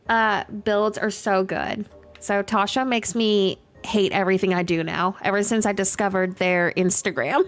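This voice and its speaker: A young adult woman streaming a game, chatting casually with viewers, full of fillers, laughing often and reading chat aloud. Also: a little high. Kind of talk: casual livestream chat while gaming. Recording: faint music behind.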